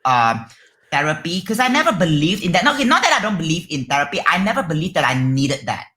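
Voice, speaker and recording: A woman's voice: sits low, very animated, fast, fairly bright tone. A woman from Malaysia with a Malaysian English accent, a guest on a podcast, talking candidly in a bubbly, outspoken way and swearing freely. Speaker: guest streamer.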